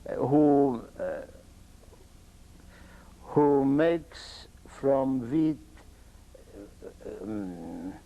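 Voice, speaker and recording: An older man from Poland with an Eastern Polish accent, telling his own life story in halting, broken English. He often stops and restarts his sentences. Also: medium pitch, expressive, gravelly, mellow, rough recording. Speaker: interviewee. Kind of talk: oral history testimony.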